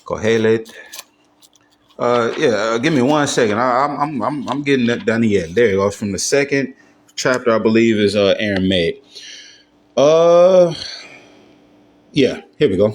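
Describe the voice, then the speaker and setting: A self-taught Hebrew grammar teacher gives a casual, step-by-step lesson in a mid-range, slightly slow voice with long pauses. He talks things through loosely and keeps checking in with listeners, often asking "you know what I'm saying?"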